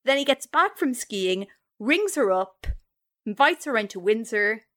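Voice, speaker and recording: On a chat podcast, a co-host retells a story casually and animatedly, acting out the voices of the people she quotes. Her voice is on the high side and her pace measured.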